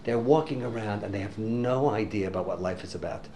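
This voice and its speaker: A man telling a story in a religious talk to an audience, animated and sprinkling in Hebrew and Yiddish words. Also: lowish voice, fairly quick, a little hiss or hum. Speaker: religious teacher.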